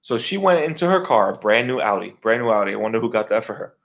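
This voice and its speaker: A middle-aged man co-hosting a podcast, telling a long neighbor story in casual, profane, animated talk and acting out his own reactions. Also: lowish voice, fast, vocal fry. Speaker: podcast co-host.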